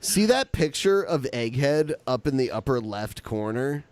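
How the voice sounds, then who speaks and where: A man co-hosting a podcast in casual comedic chat, quick to laugh. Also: medium pitch, lively intonation, darkish tone, clean tone, dry recording. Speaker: podcast co-host.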